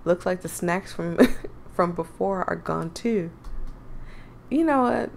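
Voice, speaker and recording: A woman's voice: lowish voice, takes it slowly, creaky, slight background noise. A young woman hosting a casual game playthrough, chatting, giggling and rambling in asides. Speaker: gaming channel host. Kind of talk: casual let's-play commentary.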